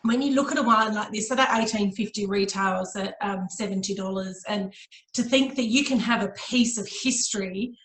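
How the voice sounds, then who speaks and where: A woman's voice: mid-range voice, moderate pace, a bit bright. A woman co-hosting a wine show, chatting with enthusiasm. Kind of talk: casual chat. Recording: echoey room.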